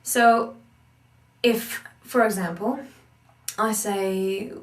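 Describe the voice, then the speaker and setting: A woman giving a casual spoken lesson on learning accents, animated and breaking into sung syllables to demonstrate. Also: mid-range voice, unhurried, echoey room, recorded from a distance. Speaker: accent and dialect teacher.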